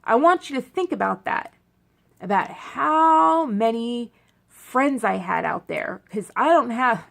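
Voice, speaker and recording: A young woman talks straight to her camera in a loose, rambling vlog, repeating lines for emphasis. Her voice carries a gravelly vocal fry, and she sounds worn out and in pain after a procedure. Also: a little high, lively intonation, slow, fairly bright tone. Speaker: vlogger. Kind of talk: casual talk to camera.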